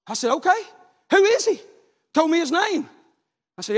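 A middle-aged man, preaching a revival sermon in a church, shouting his stories fervently. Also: extremely high pitch, sing-song, normal speed, long reverb tail.

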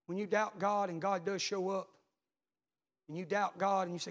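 Man, pastor, high-pitched, storytelling sermon. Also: little pitch movement, moderate pace. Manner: storytelling preacher, builds to shouted repetitions.

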